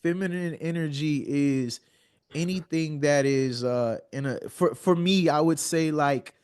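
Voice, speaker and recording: A man's voice: on the high side, a little slow, darkish tone, clean tone. A man in his thirties, a podcast guest, speaking earnestly and often repeating words as he builds a point. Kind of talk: heartfelt conversational storytelling.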